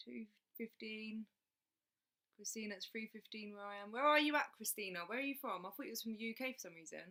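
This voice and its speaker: Bright-voiced chatty woman. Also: a little high, fast. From England. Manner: chatty, laughs often, reads out viewer comments, says "mate" and "like". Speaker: livestream host. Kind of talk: casual livestream chat.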